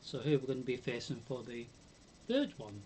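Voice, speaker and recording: A man's voice: medium pitch, very animated, normal speed, darkish tone, slight background noise. Hesitant British man streaming a game. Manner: musing, hesitant, lots of hums and ums. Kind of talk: casual live game commentary.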